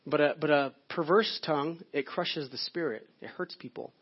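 A man's voice: moderate pace, breathy edge. Conversational male pastor preaching, muffled audio. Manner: conversational, repeats words while searching for phrasing. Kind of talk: sermon. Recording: muffled low-fidelity audio.

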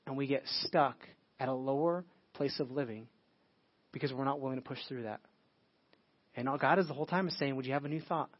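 A man's voice: mid-range voice, brisk, pauses often, lo-fi sound. A middle-aged male pastor preaching a sermon in a casual, conversational way, acting out quoted dialogue.

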